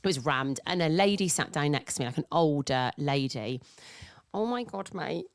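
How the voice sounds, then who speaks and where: A woman's voice: low voice, expressive, normal speed, no echo. A woman co-hosting a podcast in a studio, telling a story in casual chat and laughing through it. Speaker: podcast co-host.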